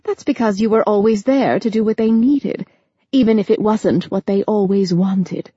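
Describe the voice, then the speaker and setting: A woman narrator voicing a gentle, loving elderly grandmother who speaks in a soothing, patient way. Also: mid-range voice, fairly even intonation, normal speed, slightly rough, no room sound, dull audio, natural voice.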